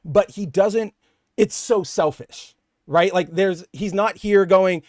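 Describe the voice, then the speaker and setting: A young man with a slightly high voice co-hosts a casual comic book podcast. He rambles animatedly, restarts his sentences, and drops into quick impressions of characters. The sound is dry and close to the mic. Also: darkish tone, dry recording. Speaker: podcast co-host.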